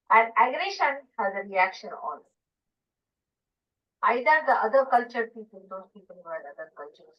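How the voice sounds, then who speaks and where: A woman with a fairly high voice gives an informal spiritual talk, pressing her points with rhetorical questions and repeated phrases. She sits well back from the microphone on a muffled archival recording. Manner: emphatic, full of rhetorical questions and repetitions. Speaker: spiritual teacher. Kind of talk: informal talk to a small group. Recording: dull archival recording from far off.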